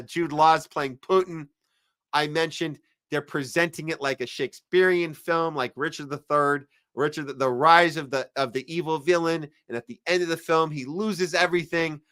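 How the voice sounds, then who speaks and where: A man's voice: fairly high pitch, sharp tone, smooth, dry recording, studio quality. A man hosting a podcast livestream, chatting casually and reading out viewer comments with plenty of ums and jokey asides. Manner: rambling, lots of fillers, jokey asides. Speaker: podcast host.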